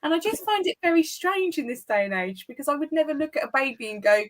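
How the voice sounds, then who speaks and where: A woman's voice: high voice, animated. A woman chatting casually with friends on a call, jokey and laughing often. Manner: laughing, jokey, does quick character voices. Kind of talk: casual chat.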